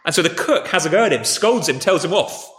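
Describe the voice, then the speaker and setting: A man preaching a sermon, telling a story in a relaxed conversational way and speaking to the children too. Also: on the high side, a little fast, soft background music. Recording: echoey hall with faint ambience.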